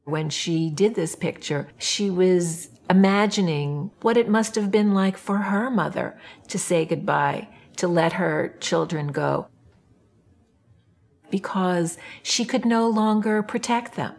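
A woman speaking reflectively and quietly in a documentary interview. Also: on the low side, slow pace, creaky.

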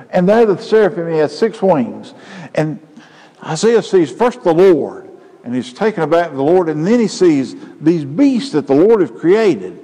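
A male pastor preaching a sermon, building to loud emphatic peaks. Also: fairly high pitch. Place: church sanctuary. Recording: church hall with long reverb.

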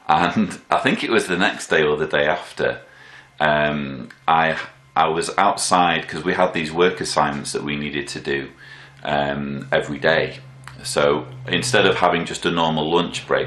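A man in his thirties telling personal stories in a thoughtful, halting way, full of fillers and restarts. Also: extremely low pitch, fairly bright tone. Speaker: vlogger. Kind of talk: reflective personal storytelling. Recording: echoey room.

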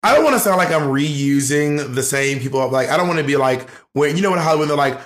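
A man's voice: on the high side, expressive, quick pace, hardly any pauses, fairly bright tone. A man co-hosting a podcast, telling playful stories in casual banter, teasing and swearing. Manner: playful storyteller, profane, teasing. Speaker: podcast co-host.

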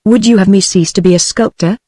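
A woman's voice: mid-range voice, brisk, dry recording, clean studio sound, close to an everyday voice. A text-to-speech woman's voice with a British accent voicing a passionate young male sculptor in a storybook reading. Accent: British English. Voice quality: even synthetic reading voice.

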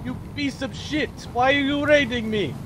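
High-voiced man in whiny outrage. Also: normal speed, background noise. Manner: whiny, dramatic, overacted outrage. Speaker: game player on voice chat. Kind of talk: pleading, angry in-game voice chat.

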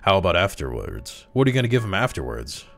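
A pleasant, chatty grocer with a very deep voice, as the reader plays him. He talks in a friendly, helpful storybook manner, and his pitch swings around with real liveliness. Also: very animated, fast talker, vocal fry, fairly bright tone, faint music behind, exaggerated voice. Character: friendly middle-aged male shop grocer.

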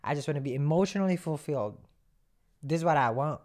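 A woman's voice: low voice, lively intonation, fast talker, darkish tone. A woman voicing an anxious querent torn between work and love, pleading and a little whiny. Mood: longing.

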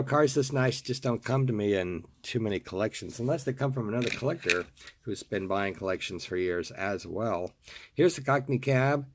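Gravelly, hoarse man gushing. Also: fairly low pitch. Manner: gushing, repeats words with delight. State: hoarse, morning voice. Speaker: toy car collector and seller. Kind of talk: casual video showing off collectibles. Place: home desk.

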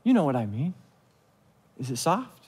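A man preaching to a church congregation in a loose, conversational way, often turning questions back on his listeners. His voice sits fairly high for a man. A long reverb trails after his words, as in a large church hall. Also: very animated, normal speed, a little mellow, breathy edge. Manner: conversational, asks the audience questions; acts out quoted voices of listeners. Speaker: pastor. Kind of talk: sermon.

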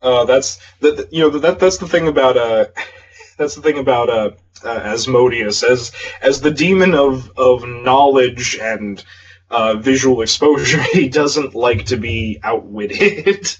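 Husky man, distant and lo-fi. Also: mid-range voice, measured pace. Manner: hesitant, full of fillers and restarts. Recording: distant, dull lo-fi sound.

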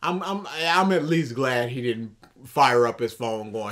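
Commentary co-host, casual chat, mocking tone, voice swings up and down a lot, mid pitch. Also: lively intonation, unhurried, hardly any pauses, fairly bright tone. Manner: mocking, slips into impressions of the person discussed.

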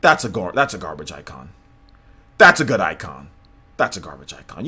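A man streaming gameplay live, talking to his chat in an animated, repetitive way. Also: deep voice, normal speed, pauses often, husky. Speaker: gaming livestreamer.

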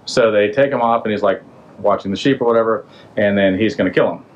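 A man's voice: fairly low pitch, fast talker, dull audio. A man hosting a podcast, retelling an old story in a casual, slangy way and throwing in rhetorical questions. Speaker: podcast host.

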